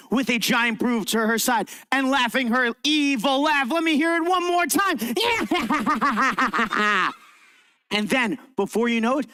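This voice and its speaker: Upbeat high-voiced man leading a kids' show. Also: no room sound. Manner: lively, encouraging, talks to a young audience. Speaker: science show presenter. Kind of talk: interactive kids' science show and storytelling. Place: library event room.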